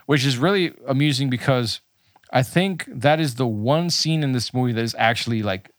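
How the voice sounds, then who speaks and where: A man's voice: mid-range voice, moderate pace, dry recording, clean studio sound. A man co-hosting a casual movie review podcast, rambling with lots of fillers. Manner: rambling, filler-heavy, slips into mock voices. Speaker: podcast co-host.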